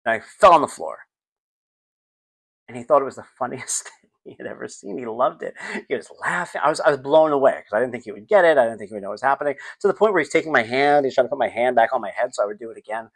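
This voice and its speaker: A man's voice: mid-range voice, quick pace. A middle-aged man hosting a casual solo podcast, telling stories about his son and acting out the scenes. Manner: animated, acts out scenes, sings snippets. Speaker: podcast host.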